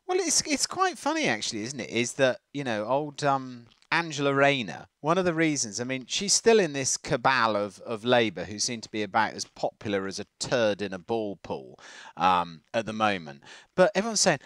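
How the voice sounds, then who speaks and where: A man with a slightly plummy southern English accent, co-hosting a casual countryside podcast, talking in an animated, rambling way. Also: mid-range voice, normal speed, no echo. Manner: animated, rambling, laughs often. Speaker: podcast co-host. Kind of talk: casual chat.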